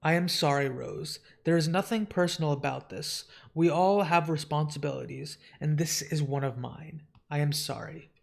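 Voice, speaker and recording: A man's voice: on the high side, vocal fry. A man reading as a solemn dream lord. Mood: regretful. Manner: grave, measured, formal.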